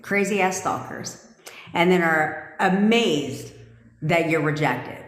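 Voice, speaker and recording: A woman's voice: on the low side, expressive, takes it slowly. Blunt, profane woman in a roomy echo. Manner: blunt, profane, laughs often. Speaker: manifestation coach. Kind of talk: casual livestream rant.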